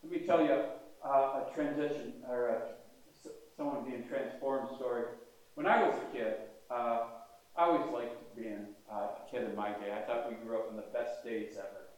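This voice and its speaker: A man's voice: medium pitch, normal speed. Older male priest preaching in echoey church. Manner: conversational preaching with questions to the congregation. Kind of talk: sermon. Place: large church. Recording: echoey church heard from a distance.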